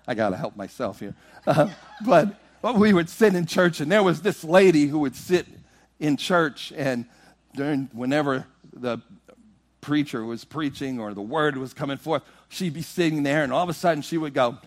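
A man preaching a sermon, animated and rhythmic, moving from loud, half-sung exclamations to hushed storytelling. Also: fairly high pitch.

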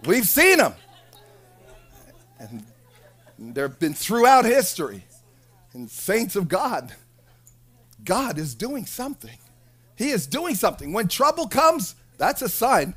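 A preacher delivering an animated sermon, shouting at times, laughing, and acting out quoted people. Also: mid-range voice, normal speed, breathy edge.

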